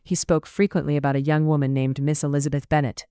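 A narrator voicing an earnest, caring young woman in a read-aloud story, with a smooth voice. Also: medium pitch, flat delivery, fast, no room sound, studio quality, natural voice. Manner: earnest, gentle. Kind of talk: audiobook character reading.

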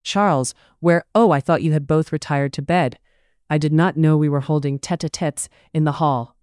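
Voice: medium pitch, moderate pace, a little mellow, clean tone, no echo, studio quality, close to an everyday voice. A narrator voicing a haughty young society lady with an arch, pointed manner in an audiobook reading.

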